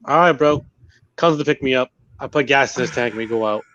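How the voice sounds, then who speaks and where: A man telling friends a story at an easy pace, quoting people and pausing on small fillers. His voice sits mid-range. The sound is dry and slightly muffled. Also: mid-range voice, a bit bright, no echo. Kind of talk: casual chat.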